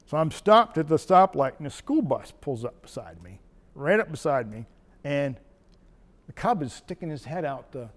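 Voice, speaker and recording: A man's voice: a little high, very animated, normal speed, big-room sound. An older man from Maine, a wildlife biologist, telling rambling anecdotes with restarts and quoted dialogue. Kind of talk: oral history storytelling.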